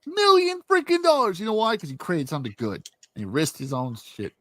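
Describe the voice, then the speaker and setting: This young man's voice sits high and moves briskly on a dry recording. He hosts a channel and is an indie author pushing his book through a blunt, animated monologue packed with swearing.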